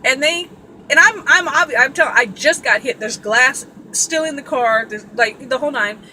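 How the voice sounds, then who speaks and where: Bright-voiced, cussing woman telling a story. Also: sits high, normal speed, slight background noise, poor audio. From Sacramento, California. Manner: blunt, profane and animated. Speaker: vlogger. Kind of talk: casual storytelling.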